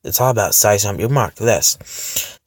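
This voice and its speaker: A man's voice: on the low side, expressive, unhurried, dry recording, pitched below the performer's own voice. A man putting on a sly Scottish thief. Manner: smooth, persuasive, smiling. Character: charming sly male thief, smooth talker. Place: parked car.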